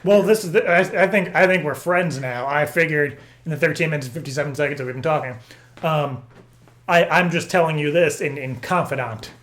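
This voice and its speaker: A man making a prank phone call, rambling and stammering through deadpan absurd stories. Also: a little high, a little fast. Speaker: prank caller.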